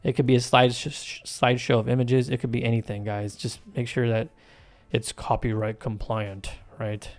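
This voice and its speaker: A man's voice: mid-range voice, level tone, moderate pace. Rambling, emphatic man on voice-over. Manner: rambling, emphatic, many restarts and fillers. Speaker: YouTube channel host. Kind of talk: casual voice-over talk over gameplay. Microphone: home voice-over mic, off camera.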